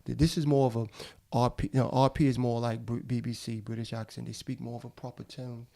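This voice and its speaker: This middle-aged guest actor chats casually on a podcast, his speech slangy and loose, and he calls people bro. Heard through a studio podcast mic, his voice is medium-pitched and level, a little fast, with a creaky, mellow quality.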